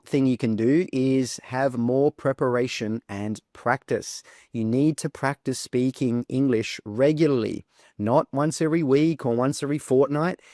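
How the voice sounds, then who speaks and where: A man teaching an English speaking lesson in a clear, deliberate way, modelling words as examples. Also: mid-range voice, darkish tone, dry recording, studio quality. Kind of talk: instructional video lesson.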